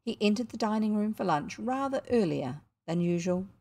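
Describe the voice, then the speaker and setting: A woman with a New Zealand accent narrating a children's book in a measured, expressive way. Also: mid-range voice. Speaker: audiobook narrator. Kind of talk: storybook narration.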